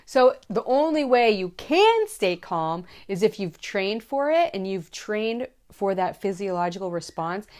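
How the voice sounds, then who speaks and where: A woman in her thirties giving safety advice to other moms in a casual, earnest way, repeating her key points for emphasis. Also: medium pitch. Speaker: mom vlogger giving safety tips. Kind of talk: casual direct-to-camera advice.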